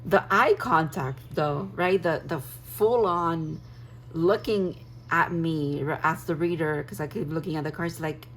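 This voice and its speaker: Low-pitched woman tarot reader, dreamy and gushing, loose rambling reading, faint hum behind. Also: a little slow, low-quality recording. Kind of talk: casual spoken tarot reading.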